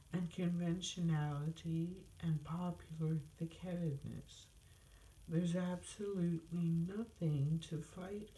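A woman's voice: lowish voice, dark tone, pitched above the performer's own voice. A woman voicing a shy but stubborn male dragon in a storybook reading, sounding slightly nervous and talkative. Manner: nervous then firm, talkative. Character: shy, chatty, stubborn male dragon who stays home. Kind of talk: storybook read-aloud. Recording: roomy echo.

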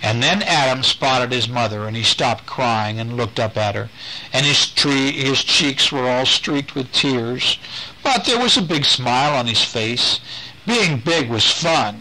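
A man reading a bedtime story aloud to his children, gentle and animated. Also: medium pitch, a little hiss or hum, poor audio.

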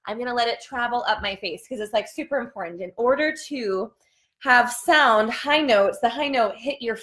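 At a normal speed and on the high side, a young woman's tired voice guides a live singing lesson. She explains vocal exercises and demonstrates them, singing and yelling sample notes between her explanations.

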